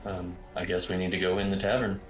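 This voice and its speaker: Man, deep voice, flat, terse, echoey room. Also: fast, soft background music. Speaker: player. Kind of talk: playing a tabletop game.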